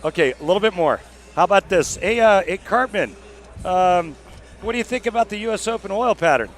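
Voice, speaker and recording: A man interviewing a guest, excitable and quick to laugh. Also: high-pitched. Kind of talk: live broadcast interview.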